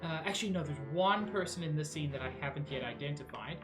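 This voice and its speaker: A woman's voice: low-pitched, lively intonation, quick pace, over music. A woman streaming a game live, thinking aloud in a casual, musing, self-mocking way with the odd swear.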